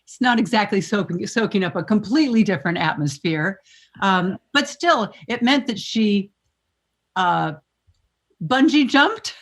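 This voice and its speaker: A woman in her seventies, a former morning TV host, telling lively anecdotes as a guest and laughing often. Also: mid-range voice, a little slow. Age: 70s. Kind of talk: storytelling interview chat.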